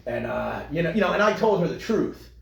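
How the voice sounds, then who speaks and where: Profane, animated man in a roomy echo. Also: a little high, fairly quick, vocal fry. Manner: animated, profane, trailing restarts. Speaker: podcast co-host. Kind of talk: casual crude banter.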